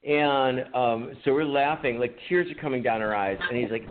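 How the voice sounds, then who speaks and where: A man's voice: medium pitch, normal speed. A man co-hosting a podcast, telling an old story in casual chat, laughing often and swearing. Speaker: podcast co-host. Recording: phone-like audio with faint noise.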